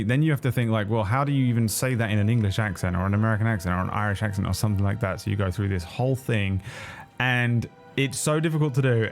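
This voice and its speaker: A man chatting after a tabletop game, explaining at length and laughing easily. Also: on the low side. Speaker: player. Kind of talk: post-game chat.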